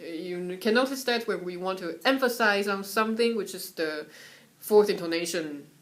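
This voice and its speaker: A woman's voice: medium pitch, normal speed. Taiwanese woman teaching Mandarin tones. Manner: relaxed, chatty, breaks off to soothe her cat; sings syllables and solfege to demonstrate tones. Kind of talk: casual home video lesson.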